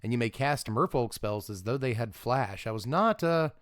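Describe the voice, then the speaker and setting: A man's voice: medium pitch, expressive, normal speed, no room sound, clean studio sound. A man reviewing trading cards in a chatty, self-amused way, laughing often as he talks. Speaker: Magic card reviewer. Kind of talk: casual card review commentary.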